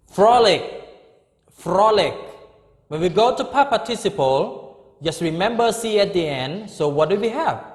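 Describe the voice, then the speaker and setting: A middle-aged man teaches English grammar in a high, slow voice. He repeats each word several times and keeps checking in with "okay?". The recording sounds echoey, with a long reverb. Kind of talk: grammar lesson.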